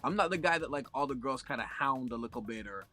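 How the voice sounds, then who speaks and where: A man's voice: mid-range voice, animated, fast, pushed and bright, soft background music. A young Canadian man telling a long story in a casual chat, profane and full of slang.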